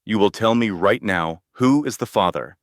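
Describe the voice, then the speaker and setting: A man voicing a wealthy male crime boss who speaks coldly and deliberately, hurt beneath his fury. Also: fairly low pitch, animated, dry recording, clean studio sound. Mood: cold, demanding. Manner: cold, deliberate, demanding.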